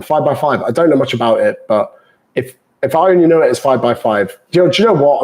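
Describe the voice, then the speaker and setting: A man's voice: medium pitch, expressive, fast, darkish tone, low-quality recording. A British man, a fitness coach, answering viewer questions live in a chatty, banter-filled way and calling people mate.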